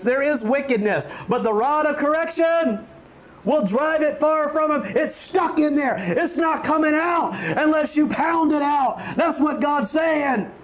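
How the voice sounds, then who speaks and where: High-voiced man preaching fervently. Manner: fervent preaching with frequent stammered restarts, rising to shouts. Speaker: pastor. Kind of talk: sermon.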